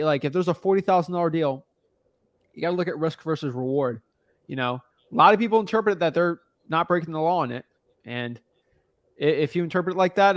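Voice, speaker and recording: A young man from the United States giving casual, slangy coaching advice on a call, thinking out loud as he looks things up. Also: on the high side, dry recording. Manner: laid-back, slangy, talks through what he looks up. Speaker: real estate wholesaling coach.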